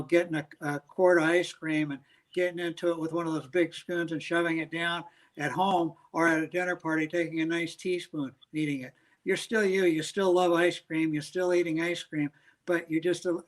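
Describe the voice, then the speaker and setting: An older man with a voice a little higher than most men's, speaking as an interview guest. He talks earnestly and with emphasis, using homely examples to make his points. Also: little pitch movement, moderate pace, low-quality recording. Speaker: guest, business leader. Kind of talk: interview answers.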